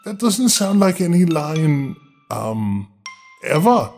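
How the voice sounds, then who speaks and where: Sarcastic, high-voiced storytelling man. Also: very animated, slow, darkish tone, soft background music. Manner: sarcastic, joking interruptions. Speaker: storyteller host. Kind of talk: fairy tale reading with comic asides.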